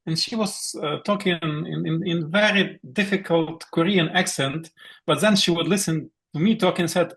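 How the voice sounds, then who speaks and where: A middle-aged man from Ukraine with a Ukrainian accent, speaking haltingly over a video call as a guest theologian. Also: a little high, fairly bright tone, breathy edge. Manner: halting, searching for words. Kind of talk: online meeting talk.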